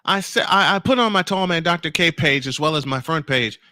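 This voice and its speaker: This morning-show host is furious with a critic, speaking to him directly, reading his comments out and hammering home points through repetition. The man's voice is on the high side, animated and a little fast, with a bright, forceful tone. The sound is dry and clean, as from a studio.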